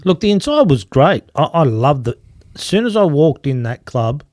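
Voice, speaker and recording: A man with a mellow, warm voice talks casually as a guest and laughs at his own stories. The sound is dry and close, with no room echo. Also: on the high side, sing-song, moderate pace. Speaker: guest, former bar owner. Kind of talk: casual storytelling chat.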